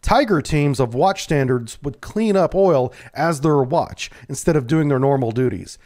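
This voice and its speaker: A man, a navy submarine veteran, telling a first-person true story in a calm, measured way. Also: on the high side.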